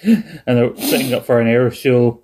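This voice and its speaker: A man's voice: medium pitch, normal speed, darkish tone. A young man chatting casually as a podcast co-host, rambling and laughing often as he recaps a cartoon episode. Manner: rambling, laughs often, quotes lines in put-on voices.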